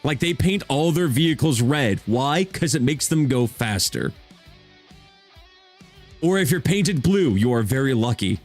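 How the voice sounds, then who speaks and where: A man's voice: mid-range voice, expressive, measured pace, soft background music. A man streaming as a VTuber in a casual chat, talking with rambling enthusiasm and frequent restarts.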